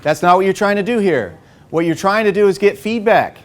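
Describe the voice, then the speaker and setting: A man leading a live workshop, coaching the group with an energetic manner and frequent "okay?" and "right?" check-ins. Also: high-pitched, fairly quick. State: a bit out of breath. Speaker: workshop facilitator. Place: workshop room.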